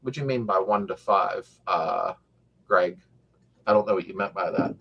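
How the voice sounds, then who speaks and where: A man's voice: deep voice, moderate pace, gravelly, slightly rough, dull audio. Chatty joking middle-aged man host. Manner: rambling, joking, reads viewer comments aloud. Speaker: host of a car restoration channel live chat. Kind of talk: casual live-stream chat.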